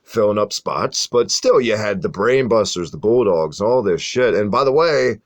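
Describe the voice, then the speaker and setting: A man with a fairly low, deep voice co-hosts a casual podcast. He talks in an animated, profane way and rattles off long strings of names with barely a pause. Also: no room sound. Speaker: podcast co-host. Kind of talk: casual wrestling review chat.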